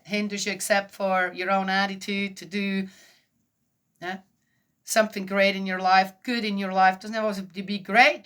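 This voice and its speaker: Bright-voiced chatty woman musing aloud. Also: medium pitch. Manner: chatty, rambling, asks "right?" often, laughs. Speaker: host of a Bible reflection talk. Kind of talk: casual spoken reflection.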